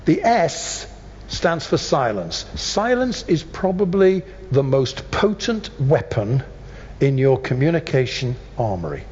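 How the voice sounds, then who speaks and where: Male voice coach, animated delivery with weighty pauses, dull recording in a reverberant training room. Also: medium pitch, a little hiss or hum. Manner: emphatic, deliberate pauses. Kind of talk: workshop teaching.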